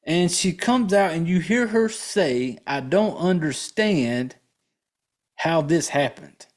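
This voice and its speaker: A man with a somewhat high voice recaps a horror movie for his podcast listeners. He talks casually and bluntly, swears freely, and rambles with fillers and restarts. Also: animated, slow pace.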